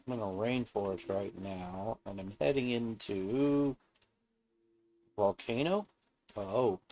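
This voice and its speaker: Slow, subdued man muttering through a game. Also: on the low side, darkish tone. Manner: subdued, downbeat muttering to himself. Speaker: streamer. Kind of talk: casual gameplay commentary.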